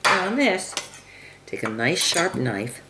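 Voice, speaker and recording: A woman giving a casual cooking demonstration in her home kitchen, chatting and clearing her throat often. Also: on the low side, very animated, slow, bright, forceful tone. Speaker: home cook demonstrating a recipe. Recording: home video with kitchen noise. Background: chopping, dishes and cutlery clatter.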